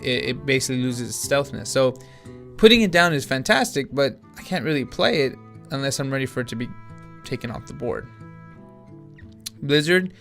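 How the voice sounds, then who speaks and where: A man's voice: on the high side, a bit bright. A man casually commenting on his card game as he plays, thinking aloud with frequent restarts and filler words, sounding a little tired. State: yawning, tired. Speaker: gaming channel host.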